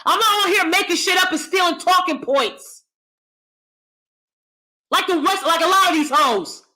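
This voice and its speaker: A woman vlogger telling a personal story in a blunt, profane, emphatic way, and calling herself loud. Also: extremely high pitch, normal speed.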